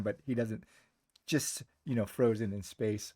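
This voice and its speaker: A man narrating as game master of a tabletop game, halting, with many fillers. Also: fairly low pitch, steady tone, warm tone, no room sound, faint music behind.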